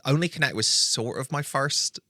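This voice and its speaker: A man, a podcast guest telling stories in a quick, wry, self-deprecating way. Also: mid-range voice, sharp tone, no room sound, clean studio sound. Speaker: podcast guest, quiz writer. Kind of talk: casual chat.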